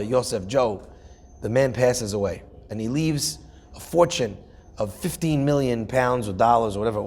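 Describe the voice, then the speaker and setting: A man's voice: mid-range voice, vocal fry, a little mellow, breathy edge. A man, a rabbi, telling a Torah story vividly, acting out the dialogue of its people.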